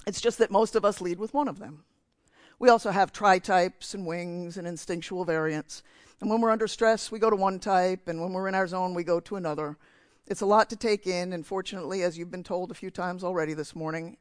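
A man's voice: high-pitched, dry recording. A man from New Jersey giving a sermon in church, telling a candid, self-mocking story about himself. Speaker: preacher.

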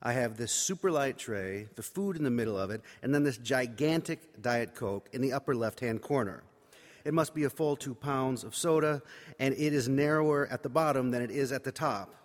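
A man's voice: medium pitch, normal speed. A man preaching by telling a personal story in a wry, conversational, self-mocking way. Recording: reverberant hall.

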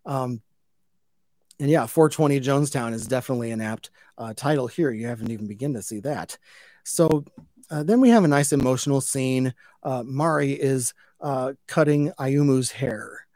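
A man casually recapping an anime episode as a podcast host, rambling with lots of fillers and restarts, growing louder and livelier when something amuses him. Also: mid-range voice, moderate pace, no echo, clean studio sound. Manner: gets loud and animated when amused.

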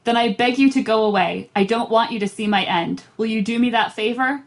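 A woman's voice: on the high side, brisk, close to an everyday voice. A woman reading aloud the lines of a weary, despairing male little horse from a storybook, in a plain voice. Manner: hopeless, pleading. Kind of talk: read-aloud storybook dialogue.

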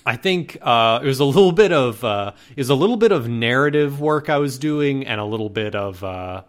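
A man co-hosting a casual podcast chat, talking in a relaxed way with many fillers and restarts. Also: mid-range voice, fairly quick. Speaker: podcast co-host.

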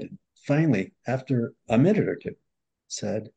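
Husky, warm-voiced man telling a story. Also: animated, moderate pace, dull audio. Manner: earnest storyteller who acts out quotes with changes in pitch and loudness. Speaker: marriage and family therapist, podcast guest. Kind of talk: telling a client story in a podcast interview.

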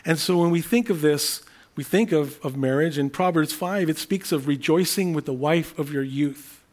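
A man preaching a sermon in an earnest, unscripted way, often restarting phrases and repeating key words slowly for emphasis. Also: on the high side, darkish tone. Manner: earnest, thinking aloud with frequent restarts. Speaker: pastor.

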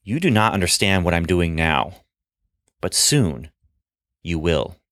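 A gentle grown teacher with a deepened, soft voice, as a man puts him on in a storybook. He speaks slowly, with measured kindness. The sound is dry and close. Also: expressive, no echo, heavily acted. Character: calm gentle adult male teacher Jesus.

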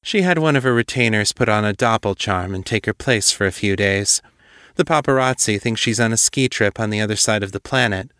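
A man voicing a droll, coolly hostile noblewoman who sounds amused with a sharp edge underneath, in a narrated story. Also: on the low side, a little fast, clear, resonant tone, dry recording, clean studio sound.

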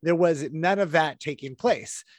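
A man's voice: on the high side, a little slow, dry recording. A man co-hosting a casual review chat, giving his opinions in long, flowing runs. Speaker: podcast co-host.

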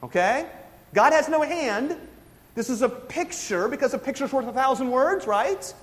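A man's voice: very high voice, expressive, normal speed, fairly bright tone, big-room sound. A man preaching a sermon, explaining scripture with frequent asides and questions to his congregation. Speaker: pastor.

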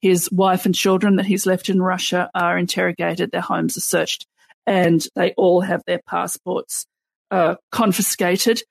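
A woman's voice: fairly low pitch, little pitch movement, measured pace, vocal fry, slightly rough, dry recording. A woman co-hosting a podcast, recounting events at length with plenty of fillers and restarts. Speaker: podcast co-host. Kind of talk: casual podcast discussion.

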